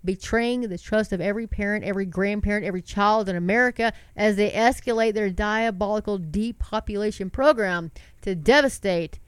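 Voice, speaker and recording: Middle-aged woman host, stuffy with a cold, smooth clear voice, dry close sound, fervent preachy commentary. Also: medium pitch, a little fast, no echo. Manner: impassioned, talks to her viewers as "folks", rhetorical questions. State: congested from a sinus cold. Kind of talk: preachy casual commentary, reading news aloud.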